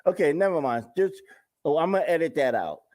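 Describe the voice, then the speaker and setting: A man hosts his own show, delivering a casual talk-show monologue in slang straight to his viewers. His fairly high voice is expressive and darkish in tone, and he talks briskly.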